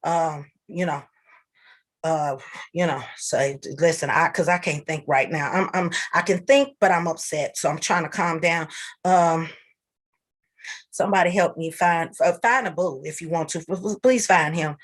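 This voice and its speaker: Upset and close to tears, a livestream host with a deep voice speaks to her viewers. Her delivery is agitated and halting, full of stammers and restarts.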